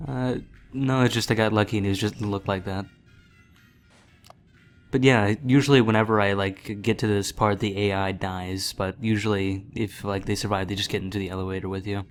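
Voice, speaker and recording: Easygoing low-voiced young man. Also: flat delivery, moderate pace, soft background music. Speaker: let's play co-commentator. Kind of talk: casual gaming commentary.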